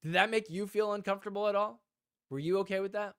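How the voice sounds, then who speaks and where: A man's voice: high-pitched, steady tone, fast, a bit bright, clear, resonant tone, dry recording, clean studio sound. A man hosting a casual live stream, rambling with lots of "like" and talking to viewers in the chat. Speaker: podcast host.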